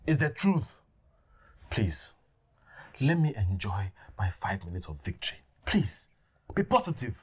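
A man's voice: on the high side, sing-song, breathy edge, heavily acted. A jumpy young man. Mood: excited. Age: young adult. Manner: exasperated, quick to flare up. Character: jumpy young man faking a kidnapping, hot-tempered. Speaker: fake kidnapper. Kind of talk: film drama acting.

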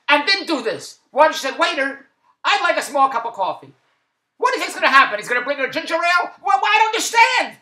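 High-voiced woman ranting, fed up, keeps restarting, echoey room. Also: sharp tone. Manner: exasperated, repeats questions, stammering restarts. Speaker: comedic monologuist. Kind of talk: comedic rant.

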